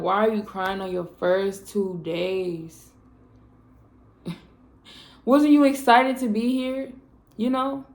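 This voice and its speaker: A young woman vlogger talking candidly and emotionally about burnout, rambling with lots of fillers in a confessional way. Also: mid-range voice. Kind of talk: candid personal talk to camera.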